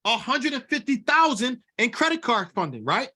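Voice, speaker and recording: A high-pitched man leads a fired-up funding lesson. He drives each point home by saying it twice and calls out to his audience as y'all. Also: very animated, normal speed, pushed and bright. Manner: preachy, repeats lines for emphasis, addresses audience as y'all. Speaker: business funding coach. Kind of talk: fired-up teaching at a whiteboard.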